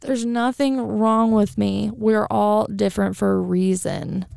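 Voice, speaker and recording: A woman's voice: mid-range voice, unhurried, gravelly, smooth, no echo, studio quality. A woman co-hosting a podcast in casual, chatty conversation, talking freely about her spiritual experiences. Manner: chatty, animated, acts out voices. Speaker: podcast co-host. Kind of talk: casual chat.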